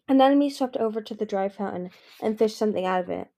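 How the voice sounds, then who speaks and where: A woman's voice: medium pitch, fast, warm tone. A woman reading a fantasy novel aloud, voicing the characters' dialogue. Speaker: audiobook reader.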